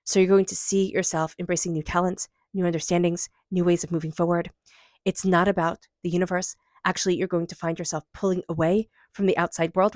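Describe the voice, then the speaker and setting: A woman's voice: fairly low pitch, a little mellow, no room sound, studio quality. A woman giving an intuitive tarot reading in an emotional, earnest and encouraging way. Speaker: tarot reader.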